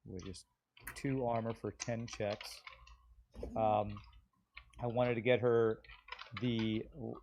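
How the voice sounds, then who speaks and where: A man's voice: lowish voice, fairly even intonation, takes it slowly, long pauses, darkish tone, a little hiss or hum. A man playing a tabletop game, talking casually and often trailing off mid-sentence. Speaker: player.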